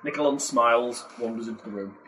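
A man's voice: medium pitch, quick pace, a bit bright. A man narrating a tabletop game as game master in a casual, jokey way. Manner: casual, jokey, swears lightly. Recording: distant mic, faint noise.

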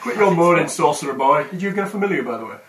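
A man's voice: fairly high pitch, lively intonation, rapid-fire. A man running a tabletop game as game master, teasing his players in casual chat and laughing often. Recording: roomy, distant, noisy home recording.

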